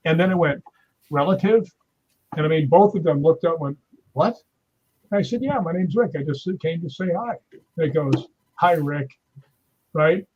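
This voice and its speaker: A man's voice: a little high, fairly quick, slightly rough, dull audio. A man telling stories in casual chat on a live stream, acting out the voices he quotes. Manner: animated storyteller, acts out quoted voices. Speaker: guest.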